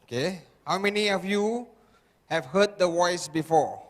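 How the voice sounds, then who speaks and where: High-voiced man firing questions at a crowd. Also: measured pace. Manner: fires rhetorical questions at the audience. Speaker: motivational speaker. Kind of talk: motivational seminar talk. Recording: long reverb of a large hall.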